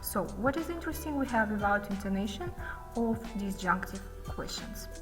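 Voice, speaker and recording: A woman's voice: mid-range voice, expressive. Woman teaching, reverberant room, music behind. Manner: explains slowly, reads example sentences with exaggerated rising and falling tunes. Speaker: English phonetics teacher. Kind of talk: classroom lesson.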